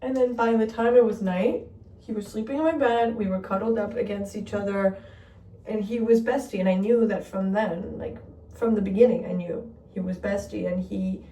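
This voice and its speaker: A woman's voice: medium pitch, fairly even intonation, normal speed, mellow, a little hiss or hum. A young woman vlogging in a casual chat, rambling through a story and filling it with "like". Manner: chatty, heavy use of "like", rambling storytelling. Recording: roomy sound from a distance.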